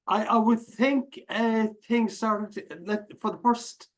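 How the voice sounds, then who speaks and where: A middle-aged man with an Irish accent chats as an interview guest. His voice sits fairly high for a man, and he talks haltingly, with plenty of fillers and self-corrections. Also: fairly even intonation, poor audio. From Ireland. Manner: hesitant, many fillers and restarts. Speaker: guest speaker. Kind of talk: conversational interview.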